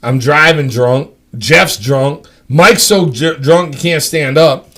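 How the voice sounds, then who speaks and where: Gravelly, profane storytelling man. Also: on the high side, takes it slowly. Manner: profane, rambling, animated. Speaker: storyteller on a live stream. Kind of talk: casual storytelling among friends.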